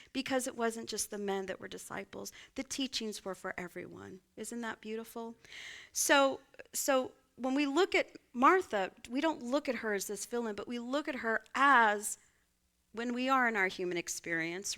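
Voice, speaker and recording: A woman pastor, preaching a sermon and telling a personal story, often asking her listeners "right?". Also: mid-range voice. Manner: warm conversational, asks congregation "right?". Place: church sanctuary.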